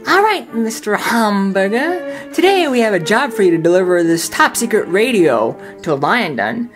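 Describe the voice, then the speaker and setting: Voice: medium pitch, big pitch swings, normal speed, voice pushed up, close to an everyday voice. A reader voicing a businesswoman boss giving orders. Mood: businesslike. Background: background film-score music.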